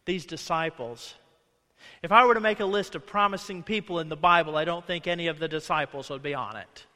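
Man, pastor, high voice, chatty sermon, long church reverb. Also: brisk, bright, forceful tone. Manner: conversational, acts out quoted voices. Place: church sanctuary.

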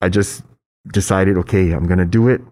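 A middle-aged man telling a personal story in casual chat, hesitant with restarts, then animated as he acts out voices. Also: fairly quick. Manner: animated storyteller, acts out quoted voices with high pitch jumps; hesitant, many restarts and fillers.

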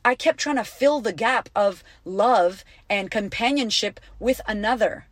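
A woman's voice: mid-range voice, unhurried, no echo. A woman hosting a podcast as a life coach, talking in a blunt, profane, emphatic way and repeating lines for punch. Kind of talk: casual motivational podcast talk.

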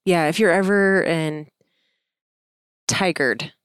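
A woman's voice: on the low side, expressive, normal speed, no room sound. A woman co-hosting a podcast, chatty and teasing in casual conversation. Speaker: podcast co-host. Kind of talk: casual chat.

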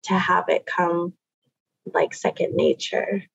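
A woman from the Pacific Northwest speaking as a guest language teacher, telling her story in a relaxed, casual way full of "you know" and "um". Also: fairly low pitch, slow, vocal fry, breathy edge, no room sound. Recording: slightly dull lo-fi audio.

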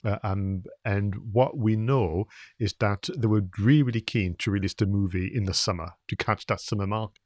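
A man's voice: on the low side, moderate pace, darkish tone, dry recording, clean studio sound. A man co-hosting a podcast, chatting casually about film marketing with frequent fillers and restarts. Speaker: podcast co-host.

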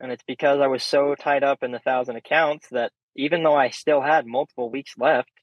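A young man guesting on a podcast, telling stories in a casual, animated way and swearing freely. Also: medium pitch, brisk, no echo. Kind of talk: casual storytelling chat. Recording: dull, slightly muffled sound.

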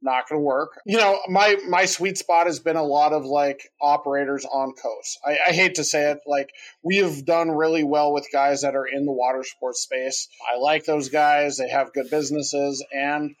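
A man's voice: on the high side, steady tone, normal speed, few pauses, poor audio. A man on a podcast talking casually about his marketing clients, with lots of fillers. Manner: rambling, filler-heavy, explaining. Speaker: podcast co-host, marketing agency owner.

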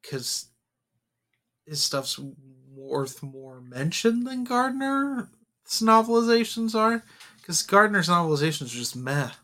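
A man talks through a movie in a casual podcast chat, opinionated and animated. His voice is bright and forceful and sits a bit high for a man. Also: slow pace. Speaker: podcast co-host. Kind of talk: casual film discussion.

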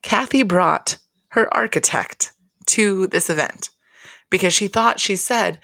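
A woman giving a casual solo recap of a reality show, rambling and expressive, swearing freely and laughing often. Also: fairly low pitch, normal speed, vocal fry, no room sound, studio quality.

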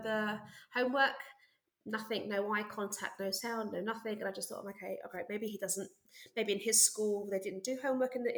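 A woman teacher telling stories in an interview, lively and quick to act out what she said back then. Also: mid-range voice, reverberant. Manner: lively, acts out her own past remarks with bursts of excitement. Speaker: art teacher and interview guest. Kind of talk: animated storytelling in an interview.

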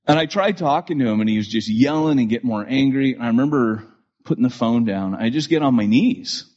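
A husky-voiced pastor with a medium pitch and a slightly fast pace delivers a storytelling sermon about church life to a live audience. He's an animated storyteller full of restarts and asides, captured on a dull lo-fi recording.

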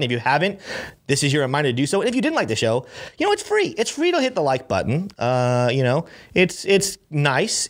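Upbeat young male stream host. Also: a little high. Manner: energetic, promotional, many fillers. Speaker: co-host of a crypto livestream. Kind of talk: casual live-stream chat.

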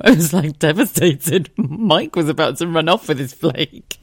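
A woman's voice: low voice, lively intonation, moderate pace, hardly any pauses, darkish tone, dry recording, clean studio sound. A woman with a southern English accent, hosting a podcast and telling stories in a chatty, sweary way, often laughing at her own tales. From southern England. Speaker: podcast host, former radio presenter. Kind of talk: casual storytelling monologue.

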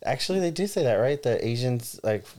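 A man's voice: medium pitch, lively intonation, brisk, a loud crowd. A man co-hosting a podcast, giggly and playful in casual chat. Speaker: podcast co-host.

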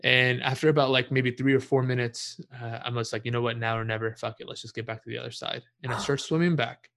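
A young man casually telling a story in a relaxed way, swearing freely and laughing at himself. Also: medium pitch, fast talker, gravelly.

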